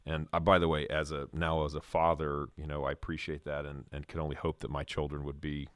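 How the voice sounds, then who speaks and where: Podcast host, male, very deep voice, chatty and self-deprecating, dry studio sound. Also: level tone, fairly quick, a bit bright, smooth, no echo. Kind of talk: casual interview chat.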